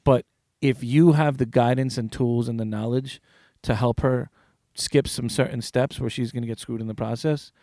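A man's voice: mid-range voice, fairly even intonation, normal speed, hardly any pauses, warm tone, no echo, clean studio sound. A man hosting a podcast, asking questions in a laid-back, casual way with the odd swear word. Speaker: podcast host. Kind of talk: casual interview chat.

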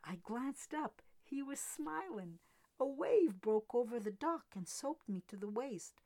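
Female reader, slightly high voice, dramatic audiobook narration. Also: unhurried. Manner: dramatic, expressive first-person reading. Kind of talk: scripted narration of a novel.

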